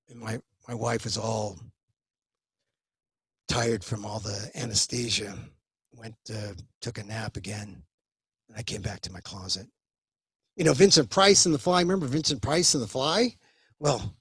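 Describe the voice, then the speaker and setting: A man's voice: fairly low pitch, creaky, a bit bright, breathy edge, dry recording, studio quality. A middle-aged man performing a wry, confiding comic solo monologue from his closet at home into a webcam.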